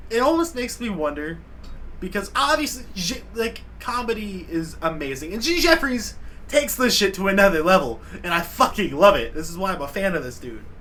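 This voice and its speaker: Reaction youtuber dude, high bright voice, slangy and laughing a lot. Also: male voice, low-quality recording. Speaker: reaction video creator. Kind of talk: casual reaction commentary.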